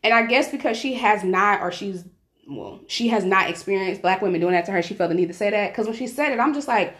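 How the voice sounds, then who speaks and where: A woman co-hosting a podcast in casual chat, animated and playful, swearing freely. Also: medium pitch, quick pace. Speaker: podcast co-host.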